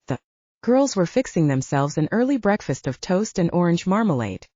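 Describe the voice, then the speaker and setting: A woman narrating a romantic mystery audiobook with steady storytelling. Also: on the low side, normal speed, dry recording, lo-fi sound.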